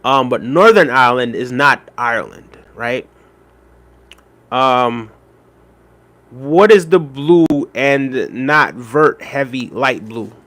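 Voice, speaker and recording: A man hosting a livestream, reading viewer comments aloud with shout-outs and quick apologies, relaxed and repetitive, with many fillers. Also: mid-range voice. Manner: relaxed, repeats phrases, frequent fillers. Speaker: livestream host. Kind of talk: casual livestream chat.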